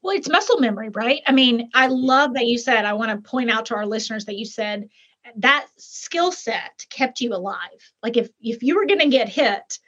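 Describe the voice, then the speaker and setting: A woman's voice: fairly high pitch, lively intonation, moderate pace, a bit bright, husky. A woman hosting a podcast, reflecting back and validating what her guest has said in a conversational way. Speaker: podcast host. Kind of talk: conversational interview. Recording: dull lo-fi sound.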